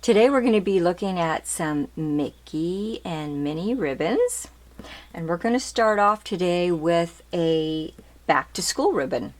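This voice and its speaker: A woman with a fairly low, animated voice speaks at a measured pace while hosting her craft channel. She chats casually, showing ribbons one at a time, repeating details and asking "aren't they cute?" again and again in this relaxed product show-and-tell.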